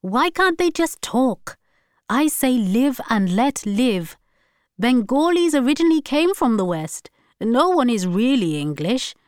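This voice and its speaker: A woman reading the part of an excitable wife with a raised, animated voice. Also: fairly high pitch, measured pace, dry recording, clean studio sound, pitched above the performer's own voice. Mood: easygoing. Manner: animated, exclaiming. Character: lively wife, easygoing but excitable.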